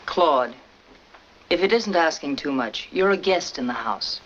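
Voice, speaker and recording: A dry, wry 1940s housewife. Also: female voice, low voice, animated, a little slow. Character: sensible wry housewife, adult. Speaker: wife and mother. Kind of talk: 1940s film acting. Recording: dull old film soundtrack with music.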